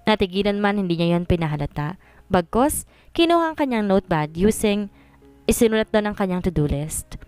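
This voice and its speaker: A woman's voice: medium pitch, lively intonation, a little fast, darkish tone, clear, resonant tone, dry recording, faint music behind. A woman narrating a story in scripted narration, switching between Tagalog and English.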